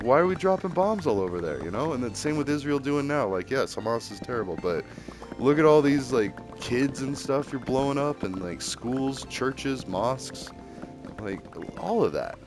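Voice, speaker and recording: A man with a fairly low voice rants casually and at length, full of "like" and "you know" and frequent restarts. He stays heated throughout, with clear music playing behind him. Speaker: streamer. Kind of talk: casual rambling opinion rant.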